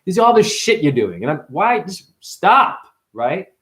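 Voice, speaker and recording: Guy doing a rambling swear-filled spiritual rant, wordplay everywhere, mumbles then yells. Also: sing-song, unhurried. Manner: profane, wordplay-driven, jumps between wild pitch swings and mutters. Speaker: spiritual speaker. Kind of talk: rambling monologue.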